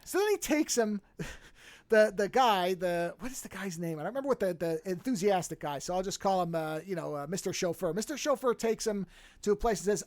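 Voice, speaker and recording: Podcast host, mid-pitch, dry close studio mic, swears freely, animated recaps with acted-out quotes. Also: fast, no room sound. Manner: profane, animated storytelling, acts out characters' lines. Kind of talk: casual podcast chat retelling a film.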